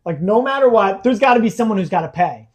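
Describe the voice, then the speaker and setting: A man guest on a podcast, earnestly telling a personal story in a halting way, with fillers and restarts. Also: high-pitched, animated.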